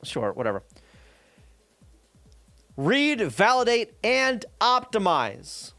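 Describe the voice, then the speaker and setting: A man venting on a stream in an exasperated, profane way, his pitch jumping up and down. The voice sits a bit higher than most men's and sounds dry and close. Faint music plays behind him. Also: huge pitch swings, slow pace, sharp tone, no room sound. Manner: exasperated, swears freely, many fillers and 'right?'. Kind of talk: casual profane rant about programming.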